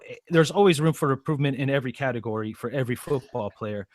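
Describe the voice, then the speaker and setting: A man co-hosting a live sports talk show, laying out his points in a measured, deliberate way. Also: medium pitch. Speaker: podcast co-host.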